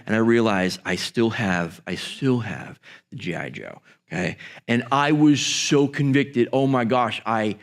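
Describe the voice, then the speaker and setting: Animated male pastor telling a story. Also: moderate pace. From Michigan. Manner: animated storyteller, jumps high when acting out his boyhood self. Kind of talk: storytelling to a congregation.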